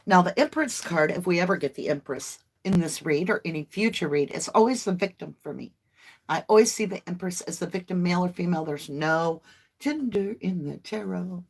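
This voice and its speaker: A woman's voice: on the low side, a little fast. A woman, hosting a casual livestream tarot reading in a chatty, folksy way and addressing viewers as y'all. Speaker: tarot reader livestream host.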